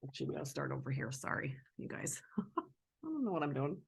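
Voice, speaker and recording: Chatty book reader with a gravelly voice. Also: medium pitch, sing-song, quick pace. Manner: chatty, laughing asides. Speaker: host reading a children's book. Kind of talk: casual read-aloud with commentary.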